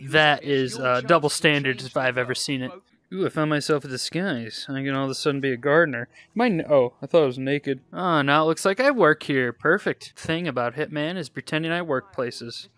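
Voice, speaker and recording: A man's voice: on the high side, fairly bright tone. A young man giving casual, joking gameplay commentary, sarcastic and swearing often. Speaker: gaming YouTuber.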